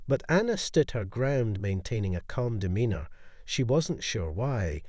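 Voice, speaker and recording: A man narrating a scripted audio story in a measured, dramatic way. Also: lowish voice, darkish tone, no room sound, studio quality.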